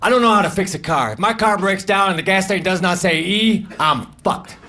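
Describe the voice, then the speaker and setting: A man doing a stand-up comedy set of deadpan one-liners with mumbled asides, recorded live on a comedy club stage. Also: sits high, a little fast.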